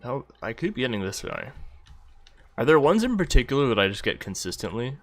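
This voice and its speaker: A man's voice: mid-range voice, big pitch swings, brisk. A man streaming a game, rambling casually between gameplay remarks and answers to chat, often distracted and swearing.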